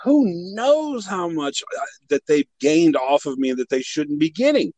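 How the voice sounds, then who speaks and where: High-voiced man telling a profane story. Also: very animated, a little slow, mellow, no echo, low-quality recording. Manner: profane, exasperated, acts out quotes. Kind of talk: casual storytelling.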